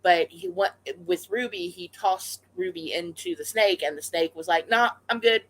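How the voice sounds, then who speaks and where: A pet vlogger chats through a story at a mid-range pitch, circling back with fillers like "um" and "you know" and restarting sentences as thoughts catch up. The tone is conversational and unscripted, spoken straight to the camera. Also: very animated, normal speed, gravelly, rough recording. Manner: rambling, with many fillers and restarts; chatty and conversational.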